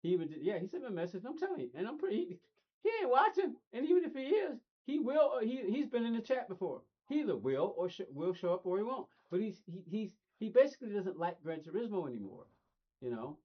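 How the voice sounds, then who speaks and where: A man's voice: sits high, big pitch swings, fast talker. A middle-aged man streaming a racing game, rambling casually and talking straight to his chat. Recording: dull lo-fi stream audio.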